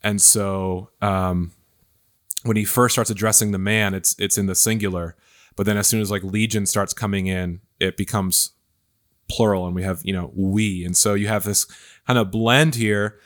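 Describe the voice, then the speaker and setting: A male pastor hosts a casual scripture discussion. His voice sits on the low side, and he muses through his points with frequent pauses and restarts. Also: steady tone, a bit bright. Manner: thoughtful, hesitant, many fillers and restarts. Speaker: pastor hosting a Bible study podcast.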